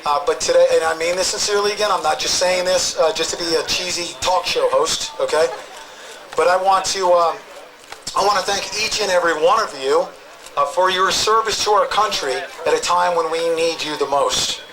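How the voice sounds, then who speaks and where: Brief: high-pitched male host working a loud outdoor crowd, emphatic, rambling. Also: normal speed, rough recording. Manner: emphatic, rambling, repeats "okay?". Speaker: talk show host interviewing protesters. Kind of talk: open-mic crowd address.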